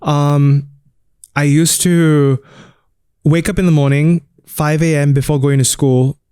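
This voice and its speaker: A man's voice: a little high, fairly even intonation, moderate pace, warm tone, smooth, dry recording, clean studio sound. A man in his thirties from Singapore, a radio DJ talking openly and reflectively about himself in an interview, with some self-deprecating humor. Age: 30s. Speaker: radio DJ and guest. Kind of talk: candid interview conversation.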